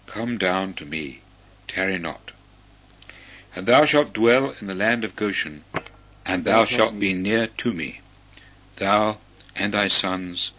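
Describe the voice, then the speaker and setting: Earnest, forgiving Joseph, as a male scripture reader gives him voice, pleading and slow on key words. The voice is low and husky. The recording is dull and lo-fi. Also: sharp tone, exaggerated voice. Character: Joseph, grown man, governor, forgiving and earnest. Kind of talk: slow measured scripture reading.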